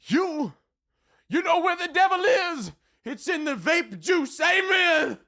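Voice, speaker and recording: A man's voice: very high voice, big pitch swings, pitched above the performer's own voice, exaggerated voice. A young man voicing a fiery male Southern preacher with a put-on Southern accent, ranting in a comic sermon parody. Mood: preachy. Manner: shouting, preachy, drawn-out hollering.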